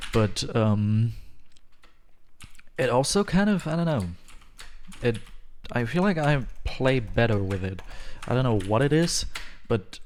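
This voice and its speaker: A man's voice: medium pitch, slight background noise. A man live-streaming a game from his home, rambling and joking to his chat with frequent chuckles. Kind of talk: live gaming stream chatter. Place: home room, alone.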